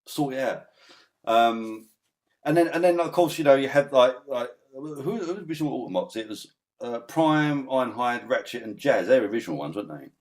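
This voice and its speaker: A man's voice: mid-range voice, animated, brisk. A man ranting as a guest in a casual podcast chat, swearing often and breaking into laughter. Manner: ranting, swears a lot, laughs mid-rant.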